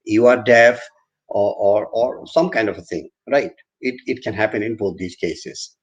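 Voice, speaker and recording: A man's voice: on the low side, unhurried, highs cut off. A man giving an online university lecture, repeating and restarting phrases as he explains with everyday examples.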